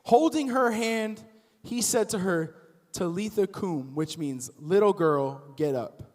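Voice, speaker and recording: A young man giving a casual, animated youth sermon as a youth pastor, acting out the people in the story as he goes. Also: high voice, slow. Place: church auditorium. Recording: long hall reverb.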